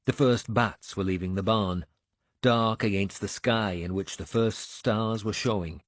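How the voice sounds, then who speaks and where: A man narrating an action audiobook in measured storytelling style, close to a studio microphone. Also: no echo. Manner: measured storytelling, lively pitch. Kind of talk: scripted narration.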